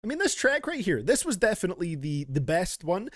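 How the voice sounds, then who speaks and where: A man talking casually as a streamer reacts to music, his voice sitting a little high and swinging up and down with excitement. He thinks out loud and fills pauses with little "um"s. The sound is close and dry, with no room around it. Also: no room sound. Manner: animated, thinking aloud with fillers.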